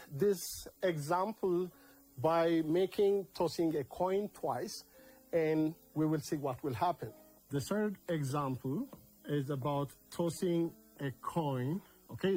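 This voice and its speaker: A math teacher with an Ethiopian accent talks through a lesson at an unhurried, deliberate pace. The voice is soft and mellow rather than bright, and the speaker repeats key words and keeps checking in with "okay?". Faint music plays underneath. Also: mid-range voice, low-quality recording. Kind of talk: recorded classroom lesson.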